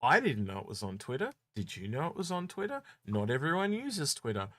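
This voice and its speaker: A man co-hosting a casual gaming podcast, reading out viewer questions and musing about them in a relaxed way that often trails off. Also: mid-range voice, fairly quick, dry recording.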